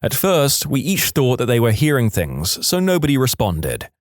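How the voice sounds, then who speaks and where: A man reading online stories aloud as scripted narration, expressive, with dry asides. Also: medium pitch, normal speed, dry recording.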